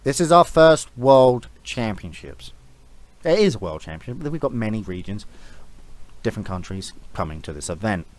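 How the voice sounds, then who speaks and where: A man's voice: on the low side, very animated, normal speed. A man giving a casual, rambling opinion rant as an esports vlogger, blunt and swearing freely.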